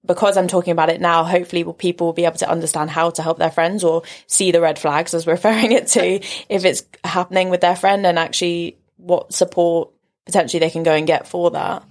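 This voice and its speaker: Young english woman guest on a podcast, kinda low voice, open and reflective, lots of "like". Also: fairly even intonation, fast, a little mellow. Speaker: podcast guest, rugby player. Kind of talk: candid podcast conversation.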